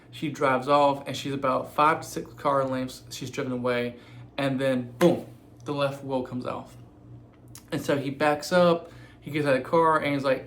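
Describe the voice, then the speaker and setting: Man retelling a crime story, halting. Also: mid-range voice, fairly even intonation, a bit bright. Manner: halting, many "um" fillers and self-corrections. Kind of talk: casual spoken retelling.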